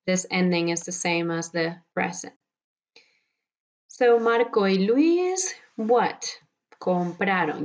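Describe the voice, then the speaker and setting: Teacher, woman, patient step-by-step explainer, slow delivery, lowish voice, dull lo-fi recording. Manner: patient, explains step by step, slows down to model Spanish words. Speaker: Spanish teacher. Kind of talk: recorded lecture over slides.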